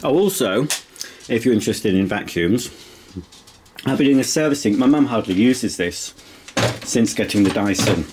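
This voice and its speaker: A man's voice: lowish voice, lively intonation, moderate pace, pauses often, background noise. A man giving a casual, rambling video tour of a house, chatting while he eats. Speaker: vlogger. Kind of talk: casual home tour vlog. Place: inside a house.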